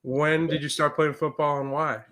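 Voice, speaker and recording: A man's voice: fairly high pitch, flat delivery, normal speed, a bit bright. A man hosting a sports interview, asking friendly, conversational questions.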